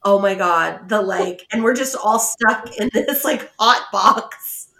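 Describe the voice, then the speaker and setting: A woman's voice: fairly high pitch, takes it slowly. Woman co-host telling stories in a roomy echo. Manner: animated storyteller, laughs often. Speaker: podcast co-host. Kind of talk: casual chat.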